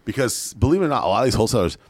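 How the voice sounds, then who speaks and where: A man's voice: medium pitch, sing-song, racing, dry recording. A man who is a guest entrepreneur, telling a story in a casual podcast chat. He is blunt and swears a lot, and he acts out the other people's lines.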